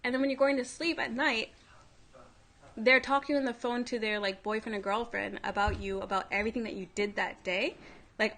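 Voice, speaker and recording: A woman's voice: on the high side, fairly even intonation, a little fast, fairly bright tone. A woman hosting a livestream, telling a story in a casual way, full of "like" and other fillers. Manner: chatty, filler-heavy, frequent "like". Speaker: livestream host.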